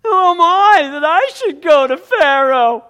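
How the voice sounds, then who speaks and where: A man's voice: extremely high pitch, expressive, a little slow, pushed and bright, voice pushed up, heavily acted. A preacher voicing Moses as a nervous, whining man who stammers. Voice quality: whiny, stammering.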